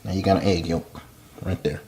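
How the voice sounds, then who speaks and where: A man giving a casual cooking demonstration in a home kitchen, with folksy, relaxed step-by-step instructions. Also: sits low, fairly quick, slight background noise.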